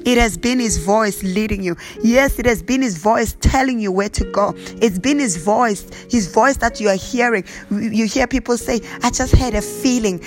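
A woman preacher praying fervently over listeners, repeating blessings and breaking into slow chanted tongues. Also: a little high. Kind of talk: prayer sermon with speaking in tongues.

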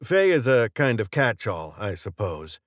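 A man doing a gruff, brusque mercenary. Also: lowish voice, very animated, a little slow, no echo, clean studio sound.

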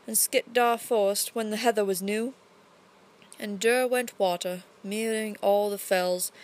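Woman narrating with put-on English accent. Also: on the high side. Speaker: storyteller. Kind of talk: storybook narration.

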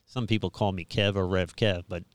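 A man's voice: low-pitched, fairly even intonation, a little fast, no room sound. A middle-aged man, a pastor and show host, with a faint New York accent, chatting in a live interview with many restarts and fillers. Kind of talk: live interview, casual chat.

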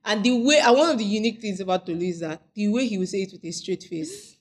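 A Nigerian woman co-hosting a casual chat, joking along and telling the others to calm down. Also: mid-range voice, fast talker. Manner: playful, keeps the others in line. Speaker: co-host.

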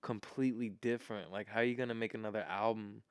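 A man co-hosting a podcast, talking loosely and excitedly with lots of filler words. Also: on the low side, fast talker, clear, resonant tone, no echo, studio quality. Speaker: podcast co-host. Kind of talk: casual chat.

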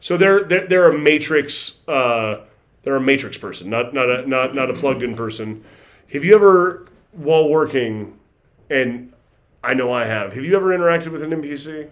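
A man's voice: medium pitch, lively intonation, moderate pace, fairly bright tone. A man in his forties chatting casually as a podcast host, telling long rambling stories and acting out quoted voices. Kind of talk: casual chat.

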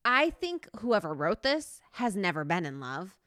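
A woman in her thirties co-hosts a casual podcast, her voice bright and ringing as it swoops up and down. She rambles with plenty of fillers and bursts into laughter, and the sound is close and dry. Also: medium pitch, sing-song, unhurried, no room sound. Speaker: podcast co-host. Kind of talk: casual chat.

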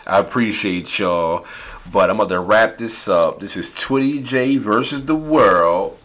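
A man's voice: fairly low pitch, unhurried, a bit bright. A man from South Jersey hosting a casual podcast chat, joking and laughing often. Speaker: podcast host.

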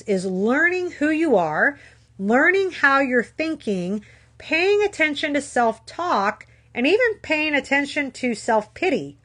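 A woman with a slightly high voice gives a frank, heartfelt talk to her viewers. She repeats phrases for emphasis and mixes encouragement with tough love. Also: a bit bright. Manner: earnest, frank and repetitive, with tough-love asides. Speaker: weight-loss motivational speaker. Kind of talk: candid motivational talk to viewers.

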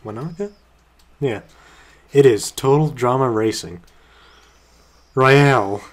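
A young man reading fan fiction aloud on a comedy podcast, halting and giggling as he goes. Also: mid-range voice. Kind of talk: mock-dramatic reading with laughter.

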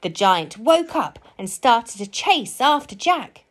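Slow, sing-song woman reading a children's story. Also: on the high side, big pitch swings. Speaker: storybook reader. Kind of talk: children's story read-aloud.

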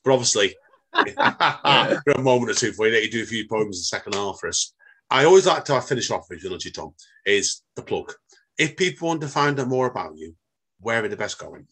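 A man's voice: fairly low pitch, lively intonation, fairly quick, a bit bright, breathy edge. A man hosting a casual podcast interview, chatty and jokey, calling his guest mate. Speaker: podcast host.

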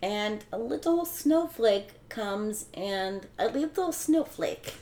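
Warm in tone and animated, a young woman speaks very slowly in a medium pitch as she casually retells a film plot as a podcast co-host. She's chatty and leans on fillers. There's slight background noise and a roomy echo.

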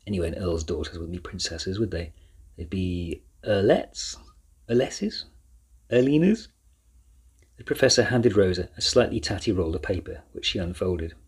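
A male narrator reads a storybook in a deep, low voice. His tone is strongly husky and breathy. The delivery stays even and measured. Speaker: audiobook narrator.

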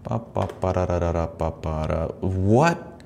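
A man with a very low, gravelly voice riffs profanely through clips and cuts in with mocking asides. He talks casually like a podcast host, with a faint hiss behind him. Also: fairly even intonation, fairly quick, a little mellow.

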